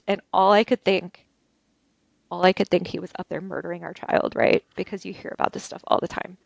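Gravelly-voiced woman recounting an ordeal. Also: medium pitch, fairly even intonation, dry recording, dull audio. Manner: halting, emotional, many restarts. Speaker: interview guest. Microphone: video call.

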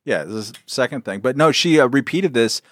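A man co-hosting a podcast, sardonic, often trailing off quietly. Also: mid-range voice, expressive, brisk, a little hiss or hum. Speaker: podcast co-host. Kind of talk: casual chat.

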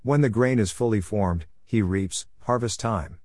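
A patient, commanding male teacher, as a Bible reader voices him. His speech is measured and firm, in a lowish voice recorded dry and close. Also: a little mellow, no echo. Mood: calm. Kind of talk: scripted Bible reading.

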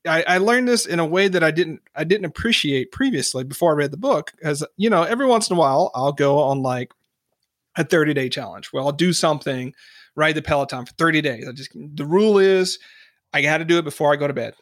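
A man hosting an interview in a loose, chatty way, full of "like" and "um", his voice sitting a touch high. The sound is dry and close, with no room around it. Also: brisk, a bit bright, no echo. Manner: conversational, many fillers and restarts. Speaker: podcast host. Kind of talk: casual interview chat.

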